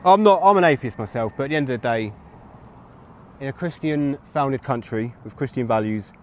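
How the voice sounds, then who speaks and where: A man's voice: mid-range voice, animated, moderate pace. Rambling man livestreaming on the street. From England. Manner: rambling, chatty, talks to his chat. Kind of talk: live street streaming to chat. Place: outdoors on a street with traffic. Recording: street traffic noise behind.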